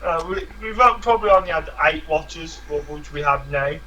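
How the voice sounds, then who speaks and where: A man's voice: fairly high pitch, lively intonation, a little fast, sharp tone, muffled recording. A man co-hosting a live stream, chatting casually with dry, understated quips. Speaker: co-host of a vaping live stream.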